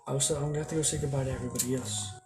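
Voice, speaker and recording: A man's voice: medium pitch, very fast, noisy background, close to an everyday voice. A man voicing an eager, determined young male ninja in a fan-made story, in his own everyday voice. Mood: earnest.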